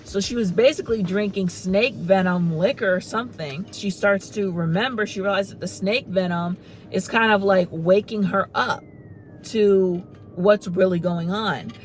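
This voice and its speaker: A woman's voice: medium pitch, moderate pace, slight background noise, rough recording. A woman in her thirties giving a casual spoken movie review, rambling and chatty with lots of "like" and "you know". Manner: chatty storytelling, heavy use of "like" and "you know".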